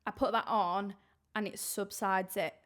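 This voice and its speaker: A woman's voice: medium pitch, fairly even intonation, a little slow, fairly bright tone. A young woman hosting a podcast, chatting in an effusive, affectionate way and laughing easily. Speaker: podcast host. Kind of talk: casual podcast chat.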